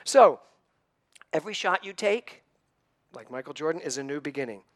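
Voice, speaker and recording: A church speaker in his sixties, a man with a fairly high, expressive voice, gives a conversational sermon at a moderate pace. He sounds earnest, personal and slightly emotional as he tells stories and puts questions to his listeners.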